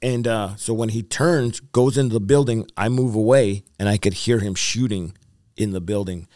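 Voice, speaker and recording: Man, evangelist guest, lowish voice, earnest storytelling, dry close sound. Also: moderate pace, darkish tone, no room sound. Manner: earnest storyteller, repeats himself, fillers. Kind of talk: testimony in a podcast interview.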